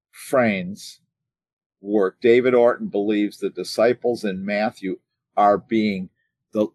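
A man's voice: on the low side, darkish tone, no echo. A man teaching the Bible casually on a livestream from home. He rambles and restarts, repeating words as he thinks, and grows emphatic on key points. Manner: digressive, halting, repeats words while thinking.

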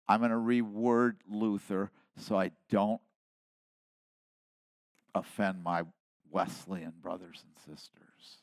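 Older pastor preaching, low and slow. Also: male voice, creaky, no echo. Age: 70s. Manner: swings between hushed asides and loud emphatic declarations. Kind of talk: sermon.

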